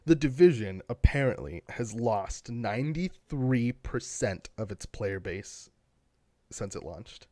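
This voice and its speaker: A man co-hosting a gaming podcast in casual, rambling chat. His voice sits at a middle pitch and is recorded dry and close, with no room sound. He keeps circling back with fillers and restarts. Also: lively intonation, takes it slowly, warm tone, dry recording. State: has the hiccups. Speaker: podcast co-host.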